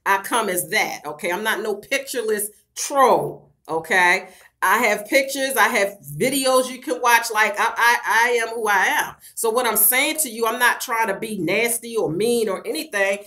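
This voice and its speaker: Speaking at a normal pace in a fairly high, pushed, bright voice, this middle-aged woman chats casually to camera for her vlog. She's frank and profane, laughs plenty, swears heavily, and addresses viewers directly as "girl."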